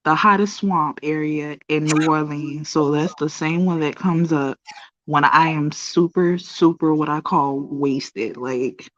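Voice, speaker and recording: A woman guest in a casual chat, talking in a calm, easygoing way. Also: low-pitched, measured pace, dry recording. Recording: dull lo-fi audio.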